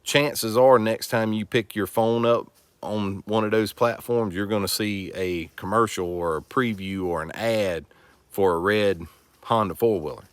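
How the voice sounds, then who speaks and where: Man, deep voice, casual rambling vlog talk, heartfelt. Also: a little slow, clean tone, dry recording. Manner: rambling, heartfelt, repeats himself. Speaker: family vlog host.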